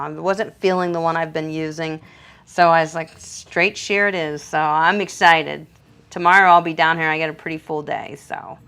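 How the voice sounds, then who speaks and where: A middle-aged woman, a professional dog groomer, chatting on a live stream and reading viewer comments in an excitable, gushing way with frequent laughter. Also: fairly low pitch.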